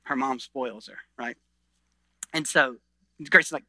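A middle-aged man preaching a sermon as pastor, earnest, swinging between loud emphasis and quiet intensity, often restarting phrases. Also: mid-range voice, a little slow, no echo.

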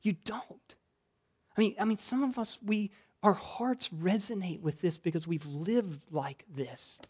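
A male pastor preaching a sermon in a church, moving from quiet reflection to loud, exclamatory passages. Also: high voice, a little slow, husky. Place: church sanctuary.

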